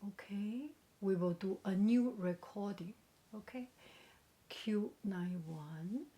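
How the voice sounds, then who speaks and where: A woman casually demoing a new microphone, drifting between quiet speech and whispers. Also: mid-range voice, slow pace, breathy edge. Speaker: vlogger unboxing and testing a microphone. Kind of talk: casual demo with soft whispering. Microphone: testing a new desktop microphone.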